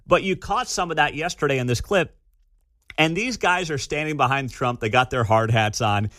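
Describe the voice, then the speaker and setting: A man hosting a talk radio show, giving opinionated commentary in a conversational, animated, slangy way. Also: mid-range voice, moderate pace, no echo, studio quality.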